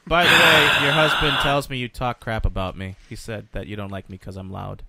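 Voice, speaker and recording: A loud man, a comedian, joking and swearing in casual podcast banter. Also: mid-range voice, flat delivery, brisk, very noisy. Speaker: stand-up comedian and show regular.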